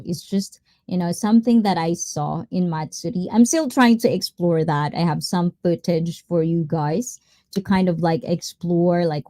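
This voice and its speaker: Slow-talking woman streamer. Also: fairly low pitch, warm tone, no echo. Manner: playful and teasing with viewers; mixes Tagalog fillers into English. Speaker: livestream host. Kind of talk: casual livestream chat.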